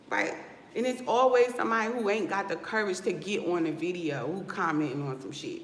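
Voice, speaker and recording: A woman from Newark with a West Coast hip-hop inflected American accent, a loc stylist talking casually to her livestream viewers, sassy and animated. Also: on the low side, moderate pace, slight background noise. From Newark, New Jersey. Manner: sassy, animated, addresses viewers with "y'all" and "okay?". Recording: roomy echo with faint background ambience.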